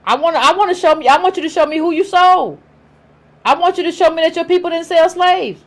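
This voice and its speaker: A woman's voice: very high-pitched, fast talker. A woman with an African American accent giving an emphatic opinion monologue, repeating her points and acting out imagined quotes. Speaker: political commentator vlogger.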